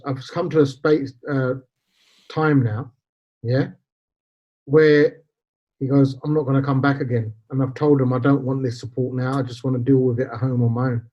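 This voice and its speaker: A middle-aged man, a podcast guest, telling stories in an animated, chatty way. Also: mid-range voice. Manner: storytelling, animated. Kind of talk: casual interview chat. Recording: dull lo-fi sound.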